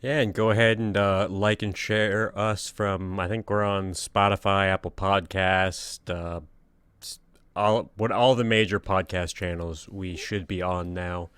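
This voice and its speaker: Man, lowish voice, relaxed co-host, joking side remarks, dry sound. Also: unhurried, smooth, no echo. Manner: laid-back, joking reactions. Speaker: podcast co-host. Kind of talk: casual chat.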